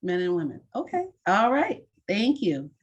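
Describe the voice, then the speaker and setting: A woman's voice: medium pitch, sing-song, normal speed, slightly rough, highs cut off. Woman hosting an online mentoring call. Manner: friendly, directive, with fillers. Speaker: mentoring session host. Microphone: video call.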